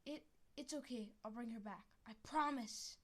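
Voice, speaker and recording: A woman's voice: fairly high pitch, normal speed, fairly bright tone. A woman voicing a harsh, deceitful adult tomcat deputy who snaps and growls his lines.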